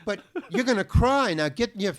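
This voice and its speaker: A man's voice: sits high, expressive, brisk, a bit bright, voice pushed up. A man putting on the voice of a stern, impatient film director who curses while giving orders. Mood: scolding. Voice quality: brusque, profane.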